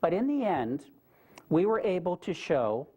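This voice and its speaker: A man's voice: high-pitched, big pitch swings, measured pace, dark tone, husky. Earnest man telling stories to an audience. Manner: earnest, conversational, asks the audience questions. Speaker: guest speaker. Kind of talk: storytelling lecture to an audience. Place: lecture room with a live audience.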